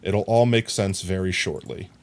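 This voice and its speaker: A man's voice: low voice, normal speed. A man casually narrating his game on a live stream, talking to chat and humming silly sound effects as he works.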